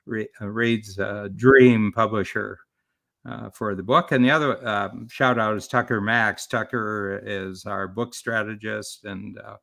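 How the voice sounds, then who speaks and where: A man's voice: fairly low pitch, fairly even intonation, measured pace, vocal fry, a bit bright. A man talking as a business coach and author in a live-streamed interview, explaining his ideas in a rambling way with many restarts.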